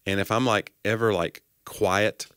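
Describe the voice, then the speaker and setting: A man's voice: on the low side, steady tone, a little slow, fairly bright tone, clean tone, no room sound, clean studio sound. A man co-hosting a podcast in casual chat, teasing his partner and slipping into mock voices for jokes. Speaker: podcast co-host.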